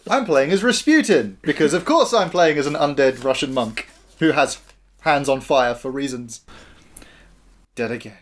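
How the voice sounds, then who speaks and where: A man's voice: on the high side, expressive, moderate pace, a little hiss or hum. A man playing a board game with friends, joking and reading out his character card. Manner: joking, playful banter. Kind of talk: casual chat and reading card text.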